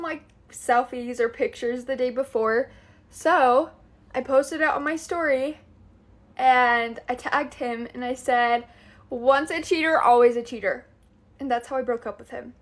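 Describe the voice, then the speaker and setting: A young adult woman telling a casual storytime in a chatty way, with frequent "like" fillers. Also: fairly high pitch.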